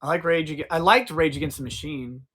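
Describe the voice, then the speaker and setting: A man's voice: fairly high pitch, fast talker, a bit bright, a little hiss or hum. A man in his forties hosting a casual livestream outdoors, rambling, swearing freely and answering his chat. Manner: profane, rambling, talks to chat. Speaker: livestream host.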